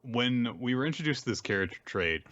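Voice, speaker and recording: A man co-hosting a casual podcast who offers measured, wry reactions and small jokes. His pitch is middling. The recording is dry and close. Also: animated, a bit bright, no echo, dull audio. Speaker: podcast co-host. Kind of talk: casual chat.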